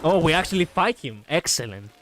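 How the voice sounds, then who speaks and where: A male vtuber commentating a game, excitable and shouting at the screen. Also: fairly high pitch, a little fast, a little hiss or hum. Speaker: vtuber streamer. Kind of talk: gaming commentary.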